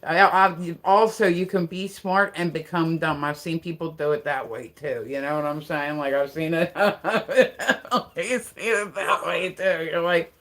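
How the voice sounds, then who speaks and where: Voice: medium pitch, measured pace, fairly bright tone. Livestream host, loose and rambling, heavy on fillers, laughs often. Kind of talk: casual livestream chat.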